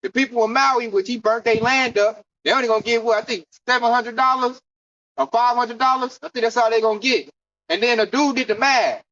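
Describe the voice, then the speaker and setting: A man's voice: extremely high pitch, fairly even intonation, a little fast, bright, forceful tone. A man preaching and teaching scripture at an outdoor camp gathering in a fiery, slangy, preachy way. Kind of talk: street sermon teaching. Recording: dull lo-fi dry recording.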